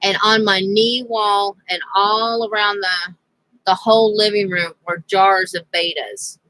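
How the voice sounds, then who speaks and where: A woman's voice: mid-range voice, fairly even intonation, a little slow, fairly bright tone, no echo, low-quality recording. A woman vlogger telling a rambling personal story in a casual, chatty way, laughing now and then. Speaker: crafting vlogger.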